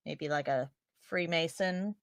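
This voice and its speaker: A woman co-hosting a podcast, chatting casually as she recaps a TV episode, laughing often and thinking out loud. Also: deep voice, takes it slowly, no echo, studio quality. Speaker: podcast co-host.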